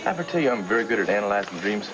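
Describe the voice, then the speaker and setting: A man's voice: medium pitch, lively intonation, fairly quick, over music, natural voice, poor audio. An actor playing a playful, joking young man in a 1980s TV soap opera. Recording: hissy old TV broadcast recording.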